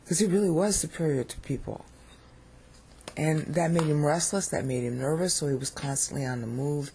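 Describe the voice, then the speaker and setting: A teacher with an American accent giving a digressive, chatty screen-share lecture on scripture, often pausing to check in with "okay?". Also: medium pitch, darkish tone, a little hiss or hum. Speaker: Bible teacher.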